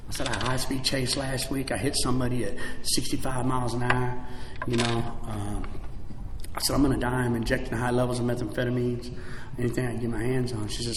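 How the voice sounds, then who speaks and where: A man sharing his recovery story at a convention, swinging between shouting and quiet, broken confession, with many "man" and "like" fillers. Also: mid-range voice, flat delivery, fast, background noise. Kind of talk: recovery meeting share. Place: large convention hall. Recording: echoey convention hall with long reverb.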